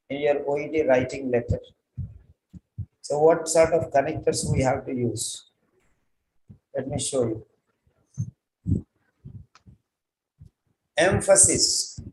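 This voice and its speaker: A man's voice: fairly high pitch, a little mellow, slight background noise. A man teaching an English writing class, giving a lecture and drilling instructions by repeating them again and again. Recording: echoey room.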